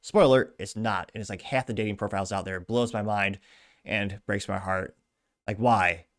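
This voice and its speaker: A man's voice: lowish voice, fairly even intonation, moderate pace. A man hosting a commentary podcast, reading out news and comments with sarcastic, wry asides. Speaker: podcast host.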